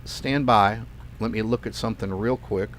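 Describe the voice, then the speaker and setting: A man's voice: on the low side, fairly even intonation, normal speed, a bit bright, slight background noise. A man hosting a trading channel talks through his screen in a loose, offhand way. He rambles casually and hammers points by repeating words. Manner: chatty, emphatic repetition, loose and offhand. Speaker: forex trading channel host. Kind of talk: casual live screen-share walkthrough.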